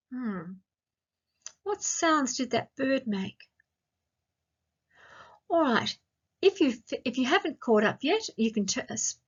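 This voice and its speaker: Woman, Australian accent, teacher voice, slow sing-song questions, higher pitch, dull lo-fi sound. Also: fairly bright tone, slightly rough. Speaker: primary school teacher. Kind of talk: recorded online grammar lesson for young children.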